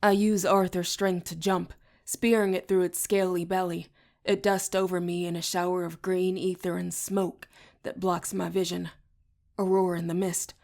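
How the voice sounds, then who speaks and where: A woman narrating an audiobook in the first person with a steady, even reading. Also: on the low side, normal speed, gravelly. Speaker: audiobook reader.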